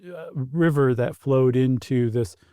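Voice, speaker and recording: A man's voice: mid-range voice, slow pace, dark tone, clean tone, no room sound. A middle-aged man co-hosting a podcast in casual, jokey banter on a studio mic. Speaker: podcast co-host. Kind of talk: casual chat.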